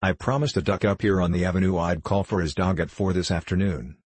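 A man's voice: sits low, fast, breathy edge, no room sound. Man voicing a blustering hot-headed young man. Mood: excited. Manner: loud, blustering, repeats himself. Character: excitable loud young man, quick-tempered.

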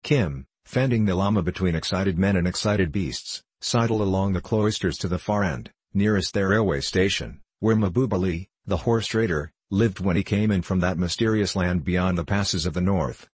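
A man narrating a classic novel as an audiobook, in a measured storytelling manner. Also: low-pitched, husky, no room sound. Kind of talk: scripted narration.

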